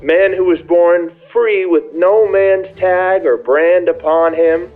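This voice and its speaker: A man's voice: high-pitched, steady tone, slow pace, phone-quality sound, soft background music, pitched above the performer's own voice. A man voicing a pompous old male university president giving a speech in a put-on Savannah Southern accent. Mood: pompous, declaiming. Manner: lofty, declaiming.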